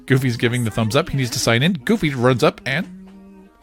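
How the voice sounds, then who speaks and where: A man's voice: mid-range voice, soft background music. A man hosting a podcast, animatedly retelling a cartoon episode to his child and laughing often. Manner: animated, laughs often, quick voice swings for quoted characters. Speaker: podcast host.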